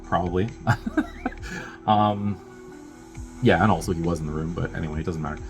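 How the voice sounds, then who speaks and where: A man's voice: low-pitched, moderate pace, soft background music. A young man casually recapping a film plot as a review host, rambling and profane, with wry asides and lots of filler words. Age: young adult.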